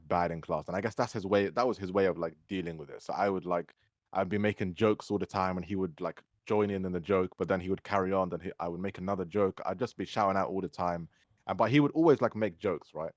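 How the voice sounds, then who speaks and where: A young man, co-hosting a casual podcast and telling animated stories. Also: sits low, no room sound, clean studio sound. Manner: storytelling, animated when quoting others. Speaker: podcast co-host. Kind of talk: casual chat.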